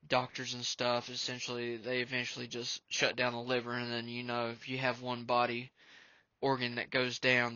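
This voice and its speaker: Male podcast host, casual and earnest, bright tone, dry close sound. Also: medium pitch, no room sound. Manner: earnest, emotional, rambling with fillers. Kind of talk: casual music commentary. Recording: dull lo-fi sound.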